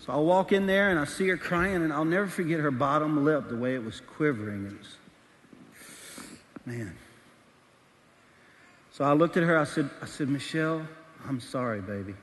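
A middle-aged man preaching to a congregation, his fairly high voice ringing out with a long hall echo behind it. He tells a story from his own life candidly, jumping into the voices of the people in it. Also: normal speed, pauses often, a bit bright. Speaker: pastor. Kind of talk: sermon. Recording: large hall reverb.

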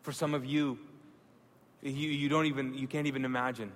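A man preaching a sermon, telling a personal story with animated acted-out dialogue and hushed moments. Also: mid-range voice, normal speed, long reverb tail. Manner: animated, acts out dialogue with rising excitement then hushed reverence. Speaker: pastor.

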